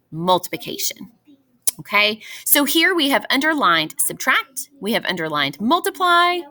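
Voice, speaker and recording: Bright, lively woman teacher. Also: a little high. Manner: patient, encouraging, addresses students as boys and girls. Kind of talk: classroom math lesson walkthrough.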